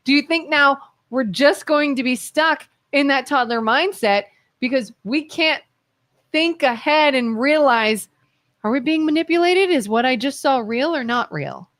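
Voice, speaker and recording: A woman co-hosting a local talk radio show, telling stories in a lively, chatty way and quoting people she talks about. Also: high-pitched, a little slow. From Ohio. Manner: animated storytelling, quotes others in voices. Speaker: co-host. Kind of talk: casual talk radio chat.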